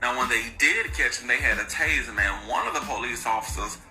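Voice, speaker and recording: A man's voice: medium pitch, brisk, pushed and bright, soft background music, rough recording. A man casually recounting a true crime story to his viewers, slangy and sarcastic in his asides.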